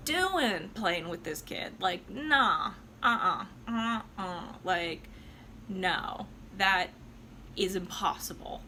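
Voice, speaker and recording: A woman's voice: mid-range voice, pushed and bright, a little hiss or hum, pitched below the performer's own voice. Woman doing a sassy party hostess. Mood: self-scolding. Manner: breezy, sassy, talks to herself. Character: flirtatious party hostess, sassy and self-assured.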